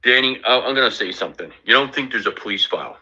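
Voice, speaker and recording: A man's voice: mid-range voice, lively intonation, quick pace, bright, forceful tone. A man talking bluntly and profanely in casual heated stream chat. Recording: lo-fi muffled audio.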